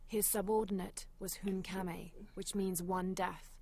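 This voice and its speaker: An actress voicing a female adventurer in a video game, reading old journal entries aloud in a measured, serious way. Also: medium pitch, fairly even intonation, vocal fry, warm tone. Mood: informative.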